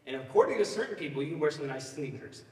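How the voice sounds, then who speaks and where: Casual joking pastor in an echoey church hall. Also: male voice, fairly high pitch, very animated, fast, darkish tone, far from the mic. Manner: casual, joking, often asks the crowd "you know what I mean?". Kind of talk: sermon with personal storytelling. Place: church sanctuary.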